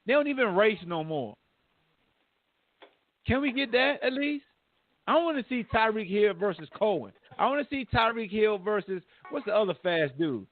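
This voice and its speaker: High-voiced man ranting on a lo-fi line. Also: moderate pace, dry recording. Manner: animated, trash-talking rant with slang. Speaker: podcast host. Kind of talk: casual sports talk. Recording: phone-like narrow audio.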